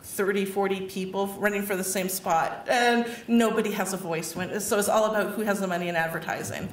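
Animated woman in an echoey hall. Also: mid-range voice, brisk, a little hiss or hum. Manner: animated storytelling with laughs and acted-out quotes. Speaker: award recipient giving a speech. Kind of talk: personal speech to an audience. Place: public event hall. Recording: echoey hall, mic far off.

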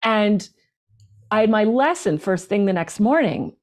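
A woman's voice: mid-range voice, unhurried. Chatty woman flutist in an interview. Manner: chatty and animated, with many restarts and laughs. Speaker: professional flutist and flute teacher. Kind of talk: casual interview chat.

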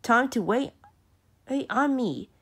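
Woman voicing a bossy, shrill cartoon princess. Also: animated, slow pace, fairly bright tone, breathy edge, full character voice. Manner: commanding, shrill exclamations. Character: bossy spoiled young princess.

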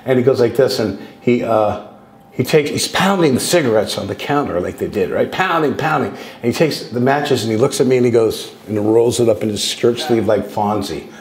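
A man's voice: medium pitch, normal speed. A man in his sixties telling long, loose personal stories as a guest speaker, restarting sentences and acting out bits of dialogue. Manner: loose and digressive, with frequent restarts and acted quotes. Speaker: guest speaker on contact experiences. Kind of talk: rambling anecdotal storytelling. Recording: roomy echoey sound.

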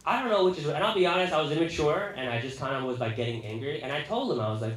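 A young man telling a personal story in casual, animated talk, full of likes and restarts. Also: fairly high pitch, very fast, hardly any pauses, echoey room.

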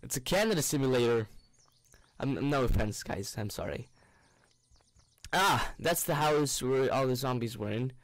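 A man's voice: mid-range voice, lively intonation, moderate pace, pauses often, no echo. A young man giving goofy, rambling commentary on a game he is playing, with bursts of panicked shrieks. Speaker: gaming YouTuber. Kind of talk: let's play commentary.

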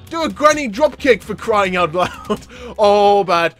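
An excitable man hosting a gaming channel and narrating his own matches. His voice sits high for a man, and it jumps into yells and laughs. Faint music plays under his commentary. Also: measured pace. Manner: excitable, yelling and laughing at the game. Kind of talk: let's play commentary.

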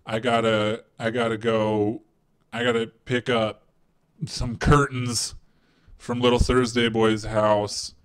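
A man's voice: medium pitch, little pitch movement, slow, clear, resonant tone. A man hosting a live call-in stream, chatting casually and rambling with lots of fillers before singing karaoke. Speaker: live call-in show host.

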